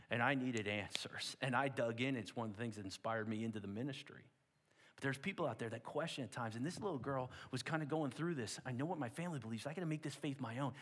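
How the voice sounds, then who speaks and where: A man preaching, telling a story dramatically with repeated words and hushed asides. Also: medium pitch. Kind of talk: sermon storytelling. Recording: long hall reverb.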